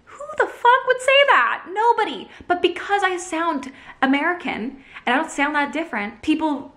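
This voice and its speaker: A young woman from Canada with a Canadian accent, talking straight to camera. Her fairly high voice is upset and exasperated, full of apologies and restarts as she vents to her viewers. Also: a bit bright. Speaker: vlogger. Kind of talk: emotional direct-to-camera rant.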